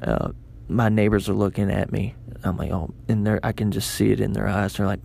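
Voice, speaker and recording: A young man tells a personal story in a relaxed, rambling way, mocking himself and restarting his sentences often. His voice sits low and has a gravelly, fry-laden edge. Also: fairly quick, slight background noise. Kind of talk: casual storytelling.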